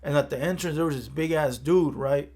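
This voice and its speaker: This man speaks on the high side, briskly, with a darkish, slightly rough tone. He's from Los Angeles County and tells a street story casually and profanely, often checking in with "right?"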